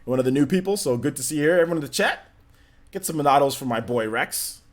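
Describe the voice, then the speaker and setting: A young man hosting a casual livestream, reading chat questions and answering in a relaxed, rambling way with many ums and likes. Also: fast talker. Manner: lifts voice when animated, drops to flat low tone otherwise. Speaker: livestream host.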